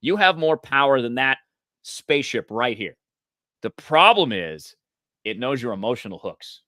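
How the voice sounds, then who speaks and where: Bright-voiced chatty American man. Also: mid-range voice, normal speed, no echo, studio quality. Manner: animated and chatty, laughs often. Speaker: news talk show co-host. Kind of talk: casual political chat.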